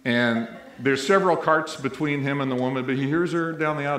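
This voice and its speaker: With a medium-pitched, slightly bright voice, a middle-aged man speaks a little fast and barely pauses. A college president from Missouri, he's giving a funny, story-heavy ceremony speech in a large indoor hall, playing to listeners as a relaxed storyteller amid the echo.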